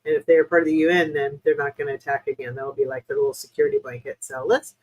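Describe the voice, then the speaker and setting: A woman's voice: deep voice, fairly even intonation, fast, a little mellow, highs cut off, a little hiss or hum. Rambling woman doing a live spiritual reading. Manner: rambling and hesitant, with many fillers; apologetic, chatty address to viewers. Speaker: spiritual reader hosting a live stream. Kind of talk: live-stream reading answering chat questions.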